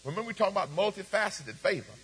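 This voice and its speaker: A man's voice: high voice, animated, very fast, fairly bright tone, breathy edge. A man preaching a sermon, reading scripture aloud and calling for responses from the congregation. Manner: preaching with call-and-response, repeats phrases, reads scripture aloud. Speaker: pastor. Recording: long hall reverb.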